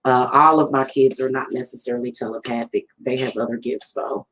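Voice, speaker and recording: A woman's voice: extremely low pitch, fairly even intonation, brisk, fairly bright tone, a little hiss or hum, rough recording. A middle-aged woman, a spiritual reader chatting casually to her viewers, rambling and addressing them directly. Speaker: spiritual reader and channel host. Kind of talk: casual livestream talk.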